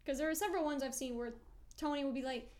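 A young woman co-hosting a casual podcast, joking crudely and quick-wittedly about fanfiction. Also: high voice, a little mellow. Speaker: podcast co-host. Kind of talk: casual chat.

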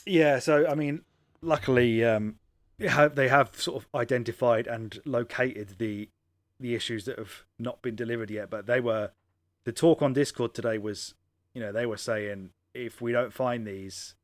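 A man's voice: medium pitch, steady tone, moderate pace, no room sound. A man co-hosting a casual podcast, chatty and self-mocking, with some swearing. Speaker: podcast co-host. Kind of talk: casual chat.

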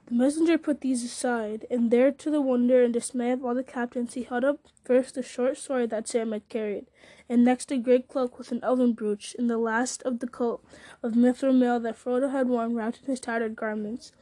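A woman's voice: fairly high pitch, steady tone, moderate pace, dark tone. A woman reading a fantasy novel aloud, often stumbling and restarting words. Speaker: reader.

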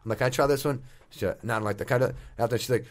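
Fast-talking Boston man telling stories. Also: mid-range voice. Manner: animated storyteller, swears casually. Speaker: radio host. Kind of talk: casual podcast chat.

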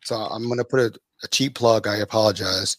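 A man, a podcast host telling stories as a guest, lively and acting out the people he quotes. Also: a little fast, no room sound, studio quality. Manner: animated, acts out quoted people with big pitch jumps. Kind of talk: casual storytelling in an interview.

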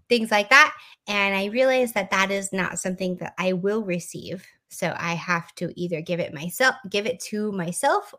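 A woman's voice: mid-range voice, bright, forceful tone. A woman from the American Midwest, co-hosting a casual podcast, talking candidly and swearing freely. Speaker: podcast co-host. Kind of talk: casual chat.

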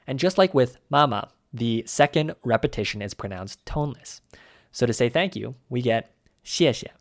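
A man's voice: medium pitch, normal speed, vocal fry. A man co-hosting a scripted language-lesson podcast, running quiz questions and explaining words in an upbeat teaching manner. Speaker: podcast co-host.

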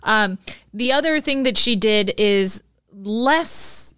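A woman's voice: medium pitch, expressive, slow pace, a bit bright, smooth, dry recording, studio quality. A woman co-hosting a podcast in casual chat, steering the conversation and often restarting her sentences. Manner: chatty, restarts sentences while steering the talk. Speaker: podcast co-host.

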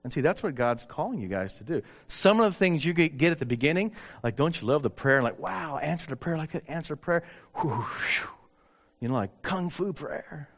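A man's voice: a little high, expressive, moderate pace. A middle-aged man, a pastor, telling stories in a sermon, acting out dialogue with self-deprecating humor. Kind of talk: sermon storytelling.

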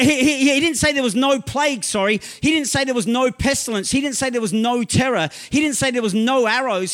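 High-voiced man preaching with emphatic shouts. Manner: emphatic preaching, often asking "right?", slow scripture reading; bursts into loud shouts. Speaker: pastor. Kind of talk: sermon.

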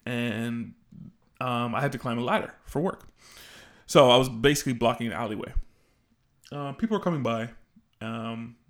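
A young man co-hosting a podcast, telling a work story in a rambling, animated way with frequent restarts. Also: medium pitch, gravelly. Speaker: podcast co-host. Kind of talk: casual storytelling chat.

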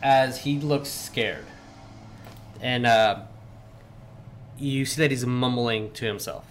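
A man runs a tabletop game as its game master. His voice sits at an ordinary pitch, and he stammers and restarts often as he narrates. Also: a little hiss or hum. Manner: halting, stammering.

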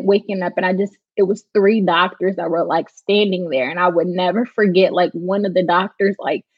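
A woman telling her own story as a personal testimony. She speaks haltingly and emotionally, with many fillers. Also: mid-range voice, no echo, highs cut off.

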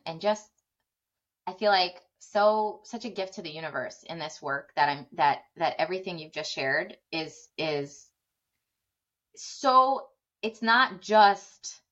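A woman's voice: on the low side, a bit bright. A woman hosting a parenting podcast interview, talking in an earnest, effusive way with many fillers. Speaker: podcast host. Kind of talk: conversational interview. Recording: dull lo-fi sound.

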